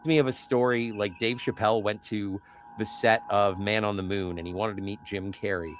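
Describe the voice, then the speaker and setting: A man chatting casually as a podcast co-host, animated, often slipping into quoted voices. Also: fairly low pitch, moderate pace, slight background noise. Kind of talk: casual conversational chat.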